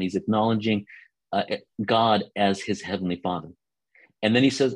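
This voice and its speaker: A man preaching a teaching sermon to listeners on a call line, earnest, often restarting words and slowing down for scripture. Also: mid-range voice, fairly even intonation, husky, no room sound, rough recording.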